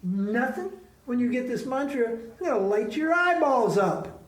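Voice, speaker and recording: A man's voice: very high-pitched, expressive, normal speed. Male spiritual teacher, conversational and emphatic, roomy echo. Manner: emphatic, conversational, full of rhetorical questions. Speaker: swami teaching a class. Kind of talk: informal spiritual class talk. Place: ashram classroom.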